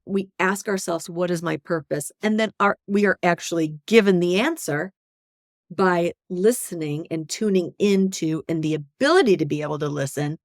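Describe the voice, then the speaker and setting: A woman working as a hypnosis coach, speaking in an animated, conversational way and often checking in with "right?". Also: lowish voice, dry recording, clean studio sound. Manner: animated, often tags "right?", acts out inner voices. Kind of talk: conversational interview.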